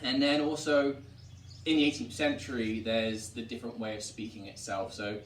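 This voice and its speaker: A man's voice: medium pitch, moderate pace, slight background noise. A man from Wiltshire with an English accent, directing a historic site and casually teaching about old dialects, explaining points and acting out examples. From Wiltshire, England. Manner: explains and demonstrates accents with lively put-on examples. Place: historic tavern room. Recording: roomy distant mic, faint ambience.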